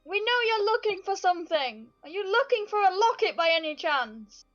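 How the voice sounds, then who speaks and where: A woman's voice: very high-pitched, very animated, moderate pace, a bit bright, dull audio, soft background music. A woman playing a tabletop game, blunt and laughing, swearing casually. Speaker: player. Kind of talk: casual tabletop role-play.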